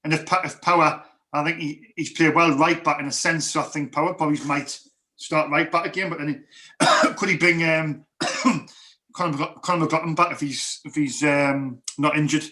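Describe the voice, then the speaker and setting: A man with a bright, fairly high voice chatting about football in a loose, rambling way. He restarts his sentences often as he works through his thoughts, like a fan co-hosting a live stream. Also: steady tone, normal speed. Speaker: fan co-host. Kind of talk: casual football chat.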